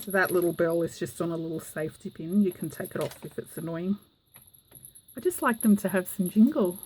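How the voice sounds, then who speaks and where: A woman's voice: on the low side, fairly quick, a little mellow, a little hiss or hum, rough recording. A woman, chatting casually and giggling as she shows a handmade journal to the camera. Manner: giggly, chatty, with frequent fillers. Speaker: craft vlogger. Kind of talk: casual show-and-tell.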